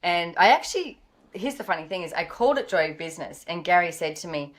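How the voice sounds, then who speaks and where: Aussie woman guest, animated anecdotes, lowish pitch, video-call sound. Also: quick pace. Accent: Australian. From Australia. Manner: lively storyteller, acts out quoted dialogue. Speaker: guest, business author. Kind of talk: casual storytelling interview.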